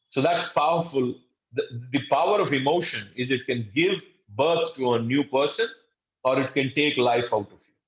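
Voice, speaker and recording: A man's voice: mid-range voice, fairly bright tone, roomy sound, muffled recording. A man teaching an online course lecture in an earnest, emphatic way, speaking to listeners as friends and acting out short quoted exchanges. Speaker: course instructor.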